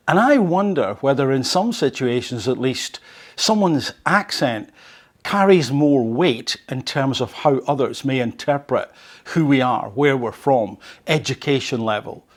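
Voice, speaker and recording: A male podcast host who reads an article and comments on it, conversational and fond of rhetorical questions. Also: mid-range voice. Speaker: host of a language learning podcast.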